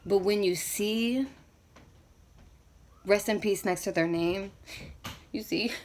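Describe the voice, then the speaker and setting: A woman's voice: medium pitch, takes it slowly, darkish tone, slight background noise. A young woman vlogger telling a painful personal story, emotional and near tears, rambling with many fillers. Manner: rambling, full of fillers like "you know what I mean".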